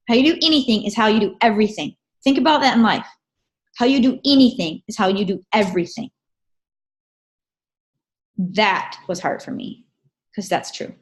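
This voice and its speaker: A woman presenting a casual, storytelling recap of a training event. She talks in an animated way and keeps checking in with her listeners. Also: a little high.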